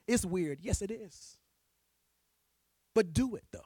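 A man preaching a sermon, swinging between loud shouted points and low intimate asides, with slangy talk. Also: animated, slow pace, pauses often, breathy edge, no echo.

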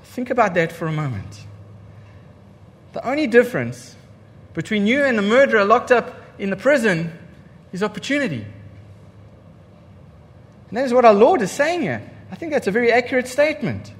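Emphatic preacher with lively high voice. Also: male voice, moderate pace, pauses often, big-room sound. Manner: emphatic, repeats key lines for effect; rhetorical questions to the congregation. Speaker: pastor. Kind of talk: sermon.

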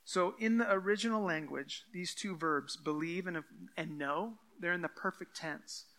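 Bright, high-voiced pastor preaching conversationally. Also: male voice, moderate pace. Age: adult with children. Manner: conversational, reads scripture aloud and acts out quoted voices. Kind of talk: expository sermon.

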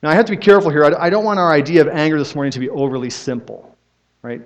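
A man's voice: on the high side, rapid-fire. A middle-aged man, a pastor, preaching a sermon in a conversational storytelling way, often asking his listeners "right?". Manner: conversational storytelling, frequent tag questions. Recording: dull lo-fi sermon recording.

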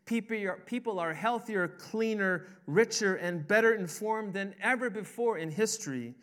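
A man's voice: high-pitched, expressive, moderate pace, fairly bright tone. A man preaching a sermon as a pastor, with an emphatic delivery that rises and falls. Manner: emphatic, rising and falling preaching cadence.

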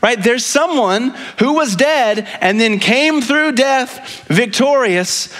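A man's voice: very high-pitched, animated, slow pace, a bit bright. A male pastor giving a conversational sermon, earnest and often asking the congregation "right?". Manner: conversational, frequently asks "right?"; earnest, with repeated restarts.

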